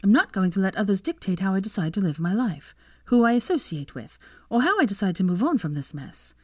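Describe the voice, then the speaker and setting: A woman's voice: fairly high pitch, very animated, brisk, dark tone, dry recording, clean studio sound, pitched above the performer's own voice. A woman voicing a spirited, defiant young witch in an audiobook reading, with an emphatic delivery. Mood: indignant.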